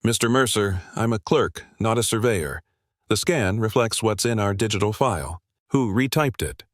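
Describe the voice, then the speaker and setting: A man voicing a careful male county zoning clerk who speaks in a measured, bureaucratic way. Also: fairly low pitch, expressive, no echo, studio quality.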